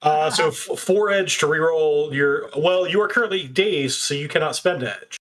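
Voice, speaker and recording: A man's voice: fairly high pitch, normal speed, a bit bright. A man running a tabletop role-playing game, narrating scenes and explaining rules. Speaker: game master.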